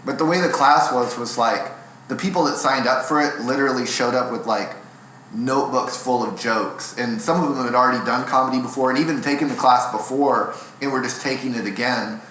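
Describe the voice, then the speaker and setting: A man's voice: medium pitch, a little fast, a bit bright, a little hiss or hum. A young adult man, a stand-up comedian and guest in an interview, telling rambling, self-deprecating stories in a casual way. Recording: echoey room.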